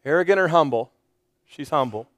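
A male pastor preaching a sermon, retelling a Bible story with animated storytelling and acting out the characters' lines. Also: fairly high pitch, brisk, no room sound.

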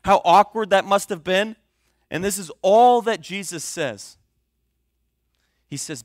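A man preaching a sermon as a pastor, talking in an animated, conversational way with joking asides to his listeners. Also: sits high, slow, long pauses, no echo, studio quality.

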